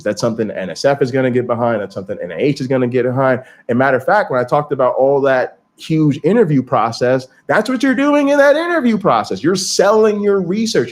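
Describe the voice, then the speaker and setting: A man hosting a casual livestream, talking straight to viewers in an animated, profane way. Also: mid-range voice. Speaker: streamer and channel host.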